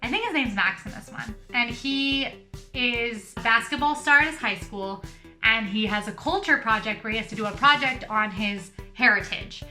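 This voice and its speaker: A very bright, highish woman's voice recapping a plot with bemused chatter. A faint music bed runs underneath. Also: normal speed. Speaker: panelist. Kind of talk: comedic movie chat.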